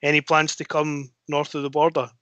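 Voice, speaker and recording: A man's voice: on the high side, monotone, normal speed, sharp tone, no echo, lo-fi sound. A man co-hosting a podcast, chatting casually and mocking his friends. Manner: mocking, banter. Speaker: podcast co-host. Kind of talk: casual chat.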